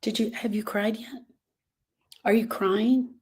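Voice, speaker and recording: A woman's voice: medium pitch, steady tone, takes it slowly, a little mellow, slightly rough. A woman grief coach talking casually to viewers on a live stream, earnest and repeating herself as she drifts off topic.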